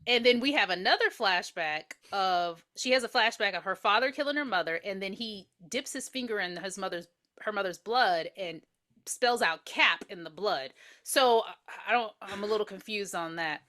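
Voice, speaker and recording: Woman podcast co-host, mid-pitched and crisp-toned, chatty and questioning. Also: animated, normal speed, pushed and bright. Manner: chatty, questioning asides while recapping. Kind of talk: casual movie recap chat.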